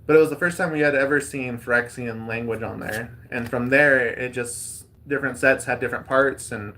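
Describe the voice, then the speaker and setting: A man's voice: medium pitch, fairly even intonation, a little fast, bright, forceful tone. A man hosting a casual chat while opening card packs, rambling and reading card text aloud.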